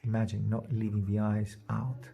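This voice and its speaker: A man giving a drawing lesson, thinking aloud as he works and trailing off into soft murmurs. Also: lowish voice, flat delivery, moderate pace, vocal fry, lo-fi sound, slight background noise. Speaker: art teacher. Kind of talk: drawing demonstration.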